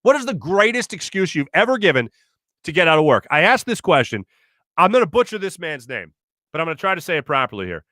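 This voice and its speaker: A man in his thirties hosting a sports talk show, rambling in an animated way and correcting himself as he goes. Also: fairly high pitch, quick pace, dry recording, studio quality. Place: radio studio.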